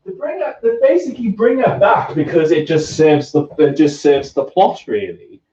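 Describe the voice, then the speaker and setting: A man's voice: on the high side, animated, moderate pace, warm tone, dull audio. A man with a Newcastle Geordie accent hosting a casual livestream chat, stammering and restarting his sentences a lot. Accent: Northeast English, Newcastle. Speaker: host.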